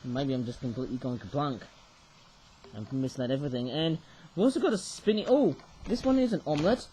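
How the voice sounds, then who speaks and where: A man's voice: fairly high pitch, mellow, slight background noise, low-quality recording. A man chatting casually as he shows off toys, rambling and often ending sentences with "eh?". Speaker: toy reviewer. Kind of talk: casual show-and-tell vlog.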